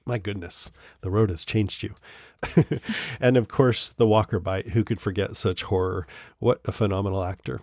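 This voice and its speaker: Low-pitched guy hosting a podcast, reads out emails, laughs a lot, dry sound. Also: steady tone, moderate pace, a little mellow, no echo. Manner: chatty, laughs often. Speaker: podcast host. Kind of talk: casual chat, reading listener emails.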